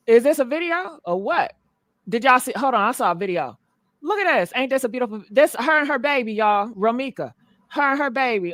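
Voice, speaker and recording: A woman's voice: fairly high pitch, lively intonation, fairly quick, no room sound, clean studio sound. Chatty slangy woman vlog host. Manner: chatty, slangy, talks to viewers. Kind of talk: casual commentary.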